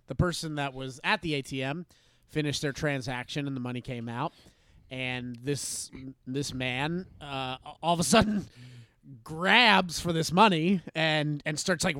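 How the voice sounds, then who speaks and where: A man hosting a podcast, telling a story in casual chat with lots of fillers and restarts. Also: a little high. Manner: animated anecdote-telling with many fillers and restarts. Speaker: podcast host.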